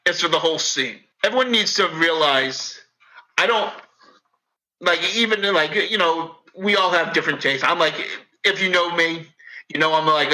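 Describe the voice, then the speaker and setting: A man with a thick Boston accent rambles through casual podcast chat, swearing freely and telling stories with animated energy. His voice is very bright and sits a little high. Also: low-quality recording. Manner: profane, rambling, animated storyteller. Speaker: podcast guest.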